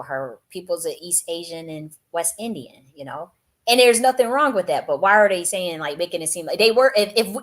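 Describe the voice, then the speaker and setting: Woman vlogger from the US, lowish voice, off-the-cuff political rant, swears freely, stumbles and restarts a lot. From United States. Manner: blunt, profane, lots of restarts and fillers. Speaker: YouTube commentator. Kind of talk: casual political commentary.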